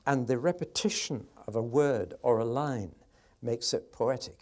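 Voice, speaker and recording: Man giving a measured Bible lecture. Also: mid-range voice, a little mellow. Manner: measured, reciting verses with rhythmic emphasis. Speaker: Bible teacher. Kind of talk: spoken lecture.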